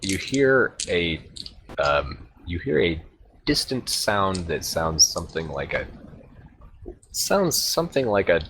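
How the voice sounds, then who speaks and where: A man's voice: deep voice, very animated, slow pace, a bit bright, a little hiss or hum. A man narrating as game master of a tabletop game, hesitant with many fillers. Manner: hesitant, filler-heavy, chuckling.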